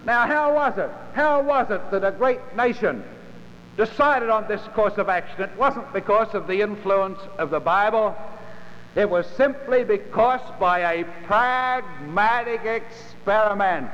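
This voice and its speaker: A man preaching a sermon in a measured, emphatic way, with dramatic pauses between phrases. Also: sits high, lively intonation, a bit bright, slight background noise. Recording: lo-fi recording in a large reverberant hall.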